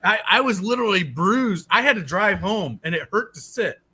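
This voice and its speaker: A man with a high, bright voice chats casually and tells animated, exaggerated anecdotes. He leans hard into each detail and punches his emphasis. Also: moderate pace, slightly rough. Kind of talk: casual chat.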